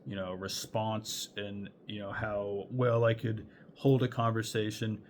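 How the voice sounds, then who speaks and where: A man's voice: fairly low pitch, level tone, a little slow, slight background noise. A young man telling a chaotic personal story in a loose, rambling way, swearing often and laughing between thoughts. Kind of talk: casual storytime.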